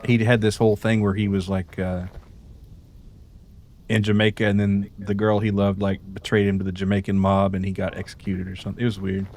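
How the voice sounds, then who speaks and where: Laid-back low-voiced young man. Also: completely flat delivery, a little fast, darkish tone. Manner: laid-back, drifting, mumbles to himself. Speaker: streamer. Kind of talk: casual chat while gaming.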